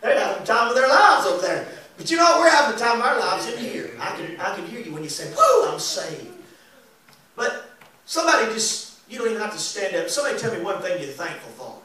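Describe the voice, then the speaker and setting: Man, evangelist preaching, folksy, high voice, heavy church echo. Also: fast. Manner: folksy, animated, laughing asides. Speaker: evangelist and singer. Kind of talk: lively sermon with congregation call and response. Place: church sanctuary. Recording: echoey church recorded from a distance.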